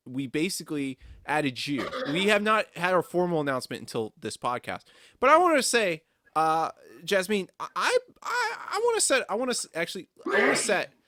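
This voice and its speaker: Playful man with a lively voice. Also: fairly high pitch, dry recording, studio quality. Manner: playful, mock-formal. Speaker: podcast host. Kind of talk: casual podcast chat.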